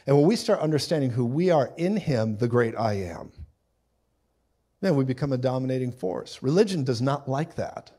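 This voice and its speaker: A middle-aged man preaching a sermon, telling the story with animated, acted-out voices and loud bursts. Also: medium pitch, normal speed, husky.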